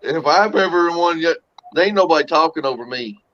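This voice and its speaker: Man, folksy storyteller, slightly high voice, dull lo-fi audio. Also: lively intonation, brisk, fairly bright tone. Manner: folksy storyteller, acts out quotes. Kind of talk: casual chat, storytelling.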